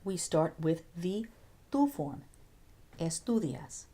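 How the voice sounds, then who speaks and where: Patient woman teaching, mellow and low. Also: expressive, takes it slowly. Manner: clear, patient explaining with playful asides. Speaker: Spanish teacher. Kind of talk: recorded video lesson.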